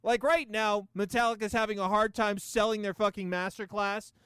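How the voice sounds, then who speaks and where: A man's voice: sits high, fairly even intonation, normal speed, fairly bright tone, clean tone, no echo. A man hosting a podcast, ranting sarcastically with lots of swearing and laughter in a casual comedic style. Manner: profane, sarcastic, laughing often.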